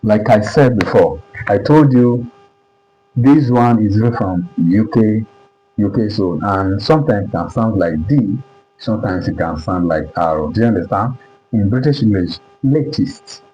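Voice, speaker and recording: Male teacher from Nigeria, low mellow voice, lo-fi recording with faint music, drills words and checks understanding. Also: animated, measured pace. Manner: repeats words and keeps asking "do you understand?". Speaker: English pronunciation teacher. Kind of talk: classroom lesson.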